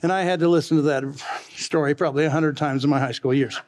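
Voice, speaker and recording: Folksy high-voiced pastor telling stories. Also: male voice, fast, a little mellow. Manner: folksy, chatty, laughs at his own stories. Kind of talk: sermon with storytelling.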